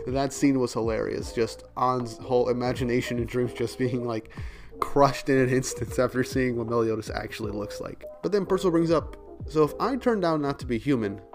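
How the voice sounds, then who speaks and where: A man casually recapping and commenting on a manga chapter. He fills his talk with "like" and laughs often. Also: mid-range voice. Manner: chatty, many "like" fillers, laughs often. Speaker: manga reviewer.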